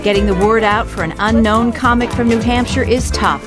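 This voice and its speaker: A woman reporter reading scripted documentary narration in a measured voice-over. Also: fairly high pitch, music in the background.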